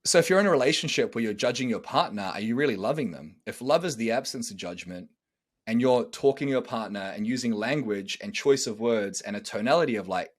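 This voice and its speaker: A blunt, emphatic man hosts a casual podcast conversation. He keeps slipping into quick impressions of harsh or sarcastic tones to make his point, with a voice of middling pitch. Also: expressive. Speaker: podcast host and relationship coach.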